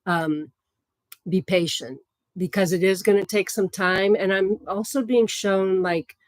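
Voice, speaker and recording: Woman psychic reader, warm-hearted and rambling, medium pitch, recorded close and dry. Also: fairly even intonation, unhurried, no room sound. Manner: gentle, chatty, many fillers and soft laughs. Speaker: psychic medium giving live readings. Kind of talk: livestream readings to viewers.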